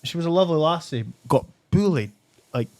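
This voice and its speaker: A Scottish man co-hosting a podcast from a studio, chatting casually and rattling through stories at a quick clip. He acts out the people he quotes as he goes. His voice sounds dry and close, with almost no room around it. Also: fairly high pitch, animated, a little mellow, no echo. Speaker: podcast co-host. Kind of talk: casual chat.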